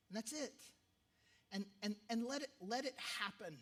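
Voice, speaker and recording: A man's voice: high-pitched, moderate pace, sharp tone. A man who is a pastor, preaching a sermon in a conversational way, often repeating himself for emphasis. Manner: conversational, self-interrupting, emphatic repetitions.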